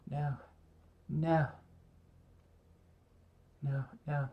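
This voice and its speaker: A man's voice: medium pitch, steady tone, unhurried, long pauses, slight background noise. Rambling, self-mocking male streamer. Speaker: streamer drawing live. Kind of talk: casual chat while drawing.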